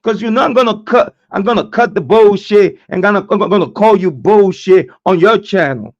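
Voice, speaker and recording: Man, high voice, profane confrontational rant, stammering repeats, muffled lo-fi sound. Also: normal speed. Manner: repetitive, stammering restarts. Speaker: true crime channel host. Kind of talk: livestream rant. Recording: dull lo-fi sound.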